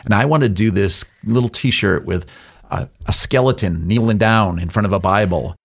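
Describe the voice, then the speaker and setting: A man's voice: fairly low pitch, normal speed, vocal fry. A middle-aged man from New England, a guest telling jokey stories in a casual interview and acting out little voices. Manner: jokey storyteller, acts out voices with big jumps. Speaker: interview guest, business owner.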